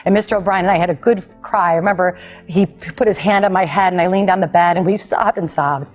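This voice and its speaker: A woman's voice: on the low side, quick pace, faint music behind. Woman talk host telling a heartfelt story. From United States. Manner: animated, emotional storytelling with laughter. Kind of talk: personal storytelling to a guest.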